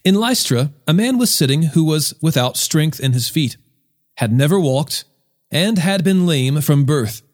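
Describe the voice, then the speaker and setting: A man reads a Bible passage aloud in a measured, expressive manner. His voice sits fairly high for a man. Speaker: scripture reader. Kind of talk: Bible reading.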